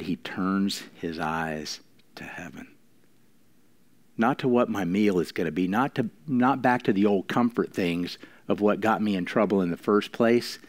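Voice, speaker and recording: Low-voiced man preaching a sermon. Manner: preaching with slowed emphatic lines and sudden quiet drops. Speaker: pastor. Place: church.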